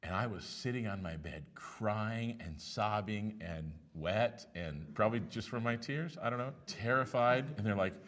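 A middle-aged man preaching a sermon as pastor, telling stories with animated swings between hushed and loud delivery. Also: on the low side, measured pace, few pauses.

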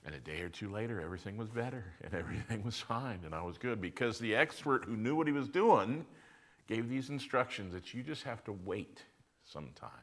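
Man, pastor, storytelling sermon, lowish pitch, conversational, loud then hushed. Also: animated, brisk.

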